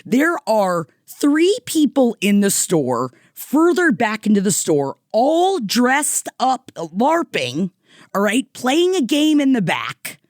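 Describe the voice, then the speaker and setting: A woman co-hosting a podcast, telling an animated, profane story in casual chat. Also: a little high, slow pace, no room sound, studio quality. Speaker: podcast co-host.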